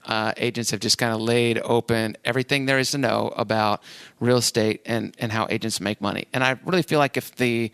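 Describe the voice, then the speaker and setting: A man's voice: mid-range voice, a bit bright, dry recording. Chatty man hosting a podcast, dry sound. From Cleveland, Ohio, USA. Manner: rambling, self-deprecating, lots of fillers. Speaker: podcast host and real estate agent. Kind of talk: casual podcast chat.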